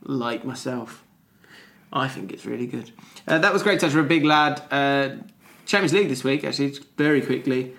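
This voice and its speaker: A man's voice: medium pitch, moderate pace, gravelly, a bit bright. A man hosting a casual podcast, chatty and jokey, reading out stories and bantering with co-hosts. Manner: chatty, jokey, reads news stories aloud. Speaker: podcast host. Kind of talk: casual chat.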